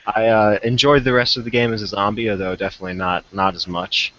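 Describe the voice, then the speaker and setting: A man's voice: fairly low pitch, flat delivery, fast, a bit bright, a little hiss or hum. A young man as a podcast guest, chatting casually and a little hesitantly, with fillers and a self-deprecating manner. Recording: dull lo-fi remote call audio.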